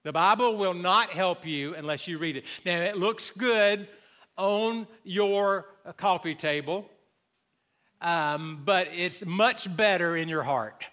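A man preaching a sermon to his congregation in a church, animated and joking with the listeners, slowing his words down to stress key points. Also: high voice. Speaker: pastor. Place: church sanctuary before a congregation.

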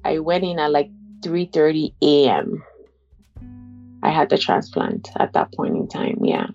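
Low-voiced woman telling her own story. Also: big pitch swings, vocal fry, a little mellow, lo-fi sound, soft background music. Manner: halting, conversational, many "like" fillers and restarts. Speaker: interviewee sharing a personal story. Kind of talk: candid personal testimony.

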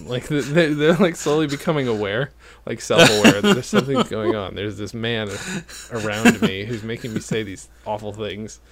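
A man's voice: medium pitch, very animated, moderate pace, crowd noise. A man hosting a casual podcast from a home studio, rambling and self-deprecating with lots of jokes and fillers. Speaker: podcast host.

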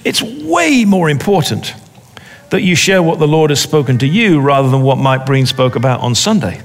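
A man preaching a sermon in a deliberate way, repeating phrases for emphasis. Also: a little high, sing-song, gravelly, in a large hall.

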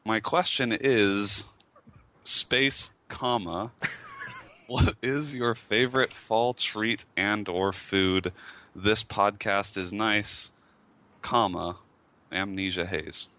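A man co-hosting a podcast, speaking in a slow, deliberate, dry way. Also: fairly low pitch, big pitch swings, pushed and bright. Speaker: podcast co-host. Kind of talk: casual chat.

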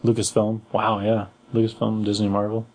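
A man's voice: lowish voice, monotone, normal speed, darkish tone. A man co-hosting a casual podcast chat, easygoing and jokey. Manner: easygoing, jokey, laughs along. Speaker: podcast co-host.

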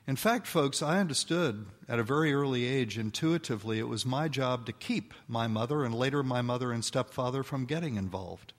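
An older man giving a folksy, animated talk to an audience of mothers, acting out the voices in his stories. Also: medium pitch, a little fast, few pauses. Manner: folksy, animated storytelling, acts out quoted voices. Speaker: speaker addressing an audience of mothers. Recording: long hall reverb.

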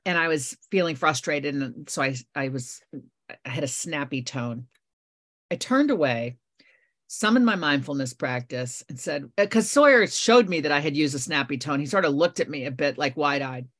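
A middle-aged woman, a guest author on a podcast, telling a personal story in an animated, lively way. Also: deep voice, normal speed.

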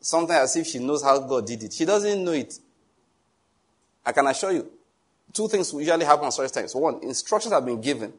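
A middle-aged male pastor delivers a sermon in a slightly high, husky voice. He preaches in a jovial, storytelling way, teasing and chuckling between points as he drives them home. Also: brisk. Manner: teasing, animated asides.

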